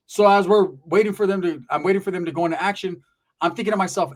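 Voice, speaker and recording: A man's voice: sits high, fast talker. A man telling a rambling, profane story in a streetwise way, often checking in with "right?".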